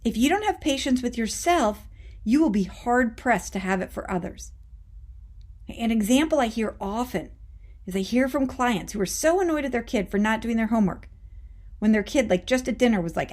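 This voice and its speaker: Female coach-host, fairly high voice, punchy conversational pep talk, checks in with "okay?". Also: expressive, normal speed, a little mellow. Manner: emphatic, conversational, addresses listeners as warriors; casual with mild swearing and frequent "okay?". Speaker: life coach and show host. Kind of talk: motivational talk to listeners.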